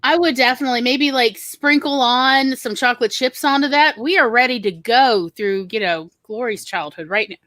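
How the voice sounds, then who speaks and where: Chatty rambling woman, higher voice. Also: normal speed, few pauses, fairly bright tone, no echo. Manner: chatty, rambling storyteller with many fillers. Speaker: podcast co-host. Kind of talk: casual chat.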